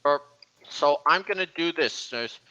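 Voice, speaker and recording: A young man hosting a casual voice-chat stream, talking slowly and rambling with frequent restarts. His voice is bright and slightly tense, a little high for a man. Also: clean tone, lo-fi sound. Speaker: stream host.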